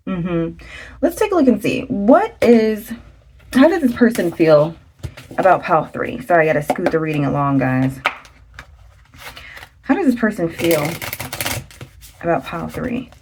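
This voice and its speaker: A woman with a lowish voice, chatting straight to her viewers as she lays out a tarot reading. Her talk is loose and excitable, full of exclamations and bursts of enthusiasm. A faint noise sits under the recording. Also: moderate pace, long pauses. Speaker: tarot reader. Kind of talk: casual tarot reading to camera.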